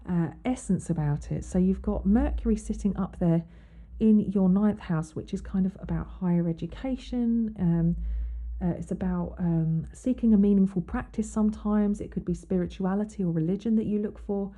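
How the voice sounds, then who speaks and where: Mellow-voiced woman hosting an astrology podcast. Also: medium pitch, moderate pace. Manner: chatty, many ums and restarts, reads quotes aloud. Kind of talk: casual explanatory monologue.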